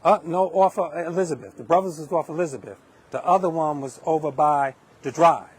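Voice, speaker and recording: A man's voice: a little high, brisk, breathy edge. Heated man ranting outdoors on a phone. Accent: North Carolina-tinged New York. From Hempstead, New York. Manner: heated, ranting, restarts and repeats words. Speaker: livestreamer. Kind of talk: impassioned street livestream monologue. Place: outdoors at dusk.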